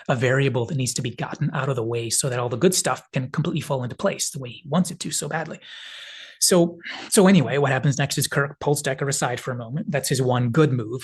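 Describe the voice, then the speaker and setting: A man narrates a film analysis video, talking through the scenes casually and leaning on loose filler phrases. His voice sits at an everyday middle pitch with a husky, slightly breathy grain. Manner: rambling retelling full of "kind of" hedges.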